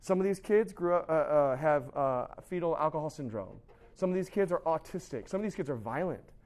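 A little high and a little fast, this man's darkish voice has lively intonation as he delivers an informal sermon live. He stumbles through a story with fillers and restarts, voices the quoted people in it, and addresses a sound tech.

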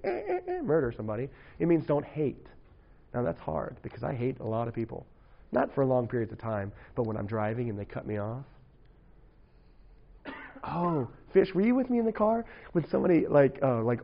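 A gravelly-voiced man gives a relaxed youth sermon, chatting and joking with his listeners and checking in with quick "right?" asides. The recording is dull and lo-fi, and his voice sits at an ordinary middle pitch. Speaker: youth pastor. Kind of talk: casual sermon to young people.

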